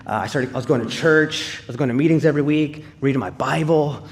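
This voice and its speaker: Speaking fast in a fairly high voice, a man gives a live testimony in church. He recounts his story in an earnest, conversational way, dropping in casual fillers.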